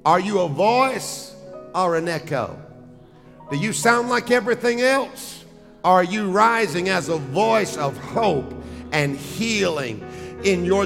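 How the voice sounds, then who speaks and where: A man's voice: a little high, creaky, long reverb tail. A man preaching a sermon as pastor, calling out emphatically to his congregation. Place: church sanctuary.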